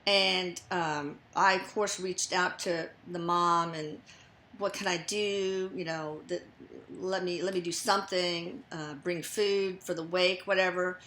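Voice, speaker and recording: An older woman hosting a casual spiritual chat, speaking softly and letting her sentences trail off. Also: fairly low pitch, steady tone, unhurried. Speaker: host. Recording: echoey room.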